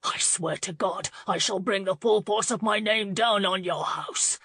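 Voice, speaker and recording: A woman's voice: mid-range voice, measured pace, a bit bright, breathy edge, no room sound, clean studio sound. A woman voicing an intense, desperate duke who pleads and roars. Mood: impassioned. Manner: intense, pleading then roaring. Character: brooding duke, man, desperate and commanding.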